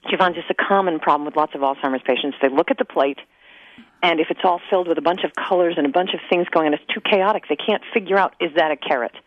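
A woman's voice: lowish voice, quick pace, dull audio. A woman talking as an author guest in a radio interview, earnest and conversational.

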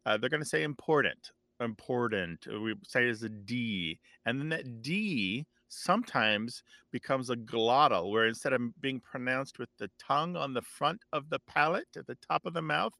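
A man explains points of language as a guest on a radio call-in show, talking animatedly and restarting his sentences often. His voice is bright and forceful, in a dry room. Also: mid-range voice, normal speed, vocal fry, hardly any pauses, dry recording.

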